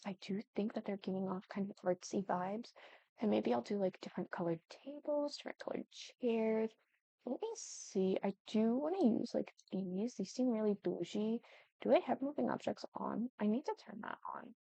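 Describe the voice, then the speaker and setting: A woman's voice: mid-range voice, gravelly, dark tone, dry recording. A young woman chatting casually as she builds in a life-sim game, thinking aloud and often apologizing. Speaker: Sims building YouTuber. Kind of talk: casual gameplay commentary.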